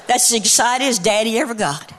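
High-voiced woman preaching with rhythmic fervor. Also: a little fast. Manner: rhythmic preaching cadence, rising to shouts. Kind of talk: sermon.

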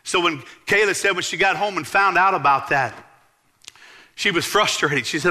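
A man preaching a sermon, telling a story and growing excited at its high points. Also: moderate pace. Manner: animated, rising to exclaim at high points.

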